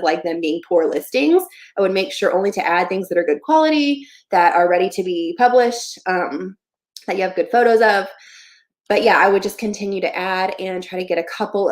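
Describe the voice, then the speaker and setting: A young woman hosting a casual livestream Q&A, chatting in a friendly way and often saying "um" and "like". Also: lowish voice. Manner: chatty, friendly, many fillers like "um" and "like". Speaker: livestream host giving online shop advice.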